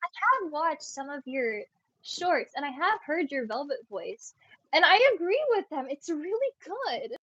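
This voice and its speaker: A woman's voice: high voice, big pitch swings, measured pace, fairly bright tone, dry recording. A young woman of Puerto Rican background, a guest on a casual livestream, who rambles and packs her speech with filler words. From Puerto Rico. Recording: dull, dry lo-fi mic.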